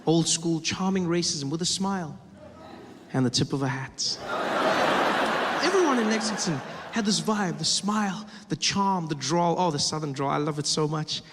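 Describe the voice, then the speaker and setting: High-voiced man on a stand-up stage. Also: moderate pace. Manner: storytelling with put-on voices. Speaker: stand-up comedian. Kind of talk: stand-up comedy. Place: comedy club stage. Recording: roomy live stage reverb with audience noise.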